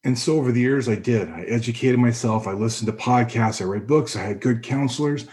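A middle-aged man giving a personal testimony, earnest and reflective, pausing and restarting as he speaks. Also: mid-range voice, darkish tone. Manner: earnest, reflective, halting with pauses. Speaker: personal storyteller.

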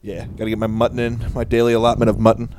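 A man's voice: mid-range voice, completely flat delivery, very fast, a little mellow, a little hiss or hum. A man co-hosting a podcast, chatting casually and riffing with sarcastic jokes. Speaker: podcast co-host. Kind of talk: casual chat.

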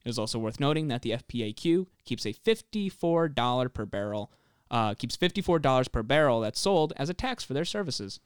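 A man co-hosting a casual podcast, reading prepared facts in an even, steady way and swearing now and then. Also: mid-range voice, brisk, clear, resonant tone, no echo, clean studio sound. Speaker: podcast co-host presenting the story. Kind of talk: casual podcast chat, reading researched notes.

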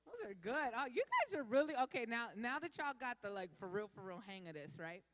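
A woman's voice: on the high side, very animated, brisk, background noise. A woman leading an interactive sermon, playful and drawing answers from the crowd. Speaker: speaker leading a church audience. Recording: echoey hall.

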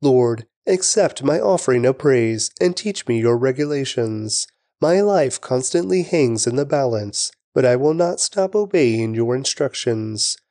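Man, scripture reader, measured and reverent, warm voice, dry recording. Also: mid-range voice, lively intonation, dry recording. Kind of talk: steady scripture reading.

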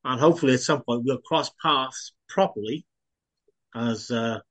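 A man hosting an interview, chatting casually with dry, self-mocking humor and wrapping up briskly. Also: mid-range voice, a bit bright. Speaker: host and writer.

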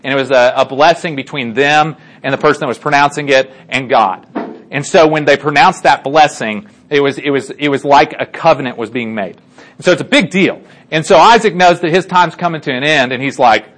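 A man's voice: fairly high pitch, brisk, fairly bright tone. A man casually retelling a Bible story to a group, chatty, with many fillers and check-ins. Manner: chatty, lots of fillers and restarts, asks listeners for agreement. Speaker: Bible teacher.

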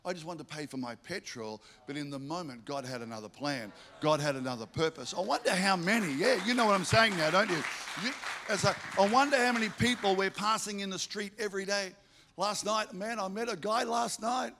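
A man preaches, piling up rhetorical questions and breaking into lively stories. His voice sits slightly high for a man, and he keeps returning to the same phrases to drive his point home. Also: a little fast, gravelly, a faint crowd, a little hiss or hum. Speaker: pastor. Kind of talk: sermon.

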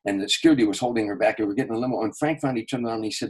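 Husky older man telling anecdotes. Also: on the low side, racing, low-quality recording. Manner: animated anecdotes with quoted voices. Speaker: guest, entertainer. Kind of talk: storytelling in a podcast interview.

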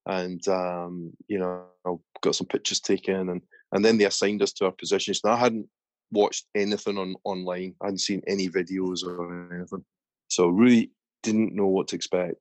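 A man with a very low voice tells a long story in easy, chatty podcast talk. The sound is close and dry, with no room around it. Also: level tone, normal speed, no room sound. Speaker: podcast host. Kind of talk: casual chat.

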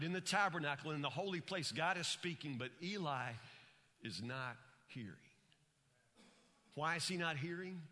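A man's voice: fairly high pitch, pushed and bright. A man preaching a sermon as pastor, telling stories earnestly and repeating phrases for emphasis. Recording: long reverb of a large hall.

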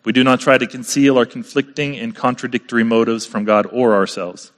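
A man's voice: mid-range voice, steady tone, fairly quick, in a large hall. A man preaching a sermon in a conversational way, often turning to the congregation with rhetorical questions. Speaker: pastor.

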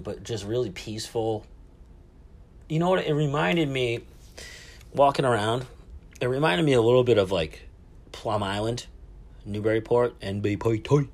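A man hosting a casual solo podcast from a cruise ship, rambling, swearing and poking fun at himself. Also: medium pitch. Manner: rambling, profane, self-mocking. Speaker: podcast host. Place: cabin aboard a cruise ship.

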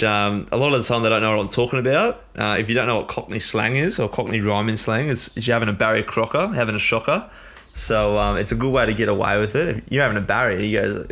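A man's voice: fairly low pitch, fairly bright tone. Laid-back Australian man, podcast banter. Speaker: podcast co-host. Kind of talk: casual podcast chat.

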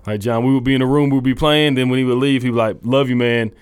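A young man, a college football coach, telling his faith story in a halting, earnest way full of restarts. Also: mid-range voice, fairly even intonation, smooth, no echo. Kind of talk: casual testimony interview.

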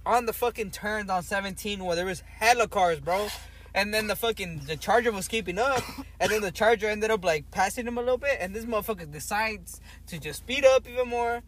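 A young man casually telling a story on a podcast, animated and swearing a lot, full of "like" and "bro". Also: high voice, moderate pace, slight background noise. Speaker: podcast host.

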